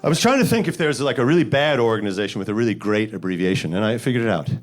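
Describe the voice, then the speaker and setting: Animated New stand-up comic. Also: male voice, racing. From the Bronx, New York. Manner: deadpan setups, jumping to loud high voices for punchlines. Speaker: stand-up comedian. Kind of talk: stand-up set. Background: audience laughter.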